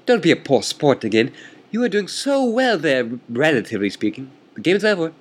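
Male reader doing a condescending, theatrical chess rival; lifted pitch, lively swoops. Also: fairly quick, breathy edge. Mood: smug. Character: smug taunting male chess player.

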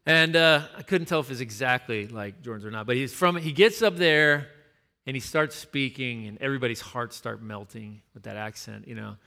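A man's voice: mid-range voice, moderate pace, creaky, sharp tone. A man, a pastor, preaching a sermon in a conversational storytelling way, repeating words for emphasis.

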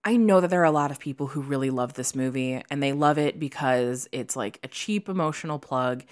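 Low-voiced opinionated young woman. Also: fairly quick. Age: young adult. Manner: opinionated, emphatic, chatty. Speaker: podcast co-host. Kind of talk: casual chat.

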